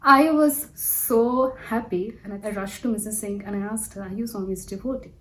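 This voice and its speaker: A woman's voice: mid-range voice, normal speed, a bit bright, poor audio. A young woman from India sharing an earnest personal testimony, telling her story with many fillers. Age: young adult.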